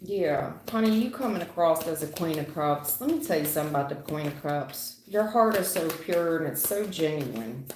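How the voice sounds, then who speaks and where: A middle-aged woman doing a live tarot reading, blunt and slangy, teasing and animated as she talks to viewers. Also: low-pitched, moderate pace, hardly any pauses, roomy sound, noisy background. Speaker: tarot reader.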